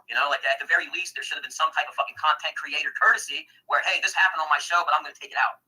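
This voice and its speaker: A man's voice: fairly high pitch, steady tone, rapid-fire, sharp tone, husky. A man calling in to a livestream, aggrieved and swearing as he argues. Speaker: guest on a stream call. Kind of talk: heated call-in argument. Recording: tinny phone-quality call audio.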